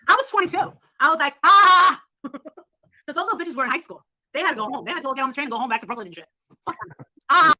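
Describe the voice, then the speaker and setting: A woman telling a story in an excitable, profane way, acting out what others said. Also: high-pitched, racing, dry recording, rough recording. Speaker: storyteller recounting past events. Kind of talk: animated casual storytelling.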